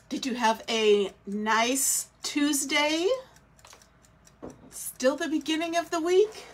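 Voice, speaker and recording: Woman craft livestream host with a stuffy nose and a slightly high voice, slow, chatty and welcoming. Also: a little hiss or hum. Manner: chatty, welcoming, thinks aloud. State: scratchy throat, stuffy nose. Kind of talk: casual live craft demo chat. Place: small indoor craft studio.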